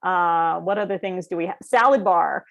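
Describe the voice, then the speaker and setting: Middle-aged woman, video-call panelist, storytelling with animated quotes and laughter. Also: lowish voice, moderate pace, creaky. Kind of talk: casual panel chat.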